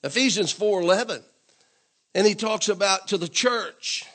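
High-voiced man preaching a sermon. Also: normal speed. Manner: call-and-response preaching, asks congregation to say amen; repetitive, emphatic, rising to louder declarations. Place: church.

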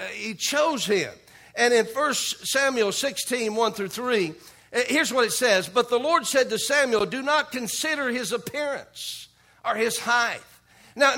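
A man preaching a sermon, dropping a repeated "okay?" and calling for amens, reading scripture slowly and with emphasis. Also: sits high, fairly bright tone. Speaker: pastor.

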